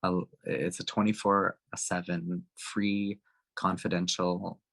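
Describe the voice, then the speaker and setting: A man's voice: low-pitched, level tone, takes it slowly, gravelly, fairly bright tone. A man speaking earnestly at a town hall, telling a personal story with frequent restarts and fillers. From Canada.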